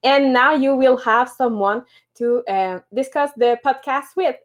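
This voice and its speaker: A woman in her thirties with a high voice, whose French first language shows. She co-hosts a motivational podcast and explains things at a steady pace, with a few fillers. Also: measured pace. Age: 30s. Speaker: podcast co-host.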